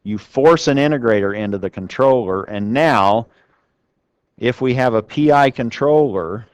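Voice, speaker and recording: A man lecturing a class, with a smooth, clear voice recorded dry and close. He talks in an easy conversational way, often stopping to ask the students questions. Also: mid-range voice, measured pace, no echo. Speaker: university lecturer. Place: lecture room.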